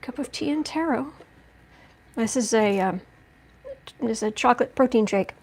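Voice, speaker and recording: A woman's voice: on the high side, animated, moderate pace, vocal fry. A woman hosting a casual livestream tarot reading at home, chatting in a rambling way with many restarts and asides. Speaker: tarot reader and livestream host. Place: at home indoors.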